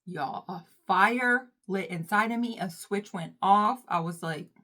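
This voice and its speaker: A young woman telling a storytime in casual chat, dramatic and self-mocking, jumping between loud outbursts and hushed, whispery asides. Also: medium pitch, unhurried. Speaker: storytime vlogger.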